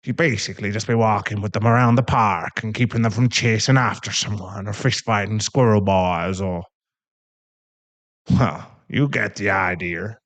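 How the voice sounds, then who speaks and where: A man's voice: on the low side, steady tone, normal speed, a bit bright. A man voicing a sheepish werewolf father with dad jokes who rambles in an audio role-play. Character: awkward gentle werewolf dad.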